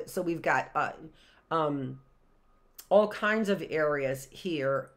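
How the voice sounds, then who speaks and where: A low-pitched woman, a teacher, reads a picture book aloud to young children on a livestream, drifting into chatty asides and questions.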